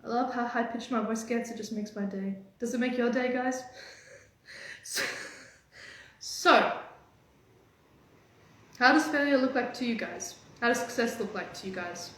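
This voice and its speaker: On a live stream, a female dating coach delivers motivational advice with lots of energy and teasing, her pitch shifting fast. It's recorded in a heavily echoing room.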